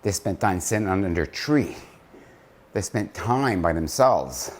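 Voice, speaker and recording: Lively, unhurried man coaching slow push-ups. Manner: coaching slow push-ups, counting aloud, laughing often; reflective, drops low and soft to make points. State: out of breath. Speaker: company founder giving a motivational talk. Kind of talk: casual motivational vlog talk.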